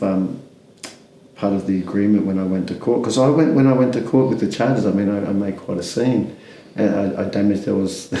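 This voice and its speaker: Man, mellow gravelly voice, rambling interview talk, faint background noise. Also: low voice, echoey room, rough recording. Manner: rambling, many restarts and fillers. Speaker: interview guest. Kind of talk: candid conversational interview.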